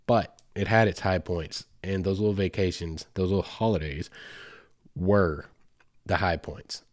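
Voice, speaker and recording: A man's voice: low voice, steady tone, measured pace, a little mellow, no room sound, studio quality. A man in his forties with a Southern US accent, hosting a podcast and telling a rambling, casual story full of asides. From Southern United States. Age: 40s. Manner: chatty and rambling, with asides and fillers. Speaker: podcast host.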